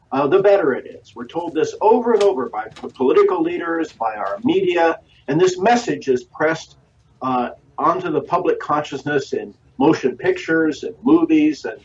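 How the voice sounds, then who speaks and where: A man answers as a guest historian on a radio interview, his voice sitting fairly high for a man. He lectures in a measured way, stringing long lists together with frequent "uh" pauses. The audio sounds dull and lo-fi, and he seems set back from the mic. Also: a little mellow, far from the mic, slight background noise.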